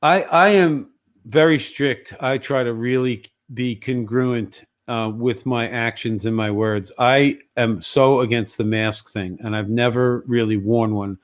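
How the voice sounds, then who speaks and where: A man's voice: medium pitch, unhurried. A man, a guest on a casual podcast, ranting in a heated, emphatic way with plenty of swearing.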